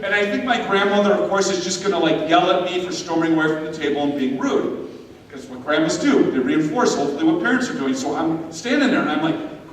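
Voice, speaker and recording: A man telling a story at a confirmation retreat, animated and speaking straight to his listeners. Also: fairly high pitch, fairly quick. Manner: animated, addresses listeners directly. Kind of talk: storytelling talk. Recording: echoey hall from far off with faint noise.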